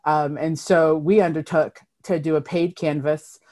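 A woman's voice: low-pitched, steady tone, unhurried, dark tone. A woman who chairs a state party, answering members' questions on a video call in an earnest, emphatic way, with frequent ums and restarts.

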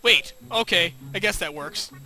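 A man streaming a video game live, chatting playfully with his viewers and reacting loudly to the game. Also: sits high, normal speed, faint music behind. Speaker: gaming livestreamer. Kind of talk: casual livestream commentary.

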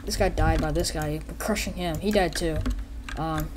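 A woman's voice: low-pitched, steady tone, moderate pace, heavy background noise. A woman giving casual, goofy gameplay commentary, rambling as she narrates the action and acts out every character.

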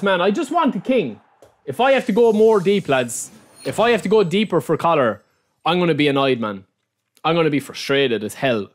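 An Irish gaming YouTuber opens card packs on a live stream, his fairly high voice swinging widely in pitch at a moderate pace. He's excitable, talks straight to his viewers, calls them "lads," and repeats his lines over and over.

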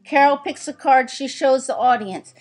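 A woman voicing Shu, a sock puppet briskly planning a puppet show routine. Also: high voice. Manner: brisk, directing, playful.

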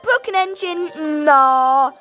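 A woman giving goofy, excitable gameplay commentary, shouting now and then, with a sore throat. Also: sits high, slow pace, soft background music. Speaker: gaming video creator.

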